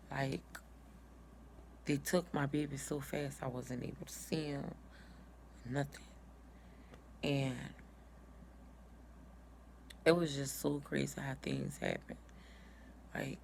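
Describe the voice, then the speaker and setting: Lady telling her story casually, low gravelly voice, quotes everybody. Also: animated, takes it slowly, long pauses, a little mellow, slight background noise. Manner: casual, retells dialogue in quotes. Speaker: mother telling birth story. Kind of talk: personal storytelling vlog.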